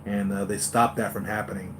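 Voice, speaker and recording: A man hosting a live stream for his toy-collector channel, chatting excitedly and going off on tangents, with lots of fillers and restarts. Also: lowish voice, fairly quick, background noise. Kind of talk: rambling live-stream fan chat.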